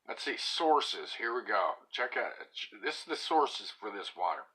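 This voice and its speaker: Chatting casually on a live stream, a man with a lowish, slightly rough, sing-song voice talks at an unhurried pace. He reads viewers' comments out loud, pokes fun at himself, and now and then drops to a whisper.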